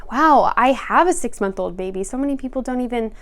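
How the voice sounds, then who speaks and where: A woman's voice: fairly high pitch, expressive, a little fast. A young woman vlogger and new mother talking casually to camera, chatty and emotional, laughing often and using lots of fillers.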